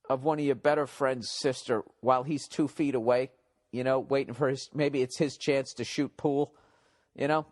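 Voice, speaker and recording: A man hosting a comedy podcast, telling stories and reading listener mail in a blunt, profane, mocking way. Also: mid-range voice. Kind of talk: casual podcast rant.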